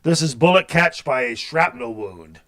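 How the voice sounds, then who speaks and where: A man's voice: a little high, lively intonation, unhurried, a bit bright, a little hiss or hum. A man hosting a metal radio show, chatting loosely and rambling, with a lot of swearing. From Canada. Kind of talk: casual metal radio chat.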